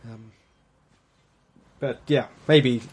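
Raspy bloke in a casual tv commentary, lots of uhs, trails off. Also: male voice, mid-range voice, steady tone, very slow, darkish tone. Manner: loose, with frequent fillers and trailing sentences. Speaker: podcast co-host. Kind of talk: casual commentary chat over a TV episode.

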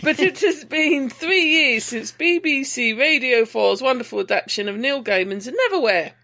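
A woman's voice: high voice, animated, moderate pace, pushed and bright. A woman co-hosting a podcast, reading news items and often giggling. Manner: giggly, laughs through her reading. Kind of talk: casual chat.

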